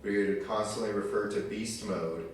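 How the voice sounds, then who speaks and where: Young male stand-up, lowish voice, loose and crude, picked up from far back in a very echoey hall with crowd noise. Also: steady tone, normal speed. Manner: loose, crude, conversational storytelling. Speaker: stand-up comedian. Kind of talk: stand-up set. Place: live stage in a community arts venue. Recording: very echoey room recorded from far off. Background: crowd ambience.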